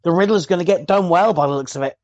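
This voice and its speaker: Man, slightly high voice, hesitant halting casual chat, dry mic. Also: a little mellow, dry recording. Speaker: podcast co-host.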